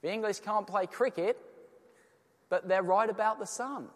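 A preacher doing a friendly Australian bloke. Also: male voice, high voice, normal speed, in a large hall, voice pushed up, natural voice. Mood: reassuring. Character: friendly Australian man on the street.

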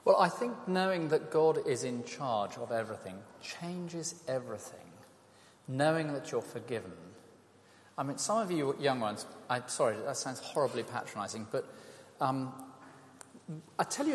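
Man giving a talk in a reverberant hall. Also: medium pitch. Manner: conversational, self-deprecating, animated storytelling. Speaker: speaker at an evangelistic talk. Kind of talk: evangelistic talk with anecdotes.

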